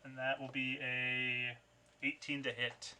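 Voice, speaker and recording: A man's voice: mid-range voice, little pitch movement, takes it slowly, background noise. A man narrating as game master in a tabletop game, in a loose, conversational way with fillers.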